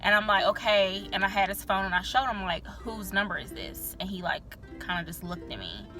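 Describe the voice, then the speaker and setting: A woman's voice: medium pitch, animated, brisk, bright, forceful tone, soft background music. A young woman vlogger telling a candid personal story in a chatty, filler-heavy way, swearing freely.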